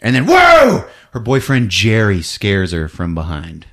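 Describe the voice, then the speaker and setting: Animated laughing man recapping a movie. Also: lowish voice, a little slow. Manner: animated, laughs often, acts out characters. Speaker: podcast host recapping a film.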